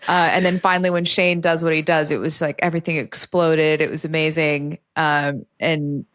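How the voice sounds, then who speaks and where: A woman's voice: sits low, little pitch movement, normal speed, a bit bright, no echo. An American woman co-hosting a podcast, chatting casually and telling stories with easy laughs. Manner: chatty storyteller, laughs easily. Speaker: podcast co-host. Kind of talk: casual chat.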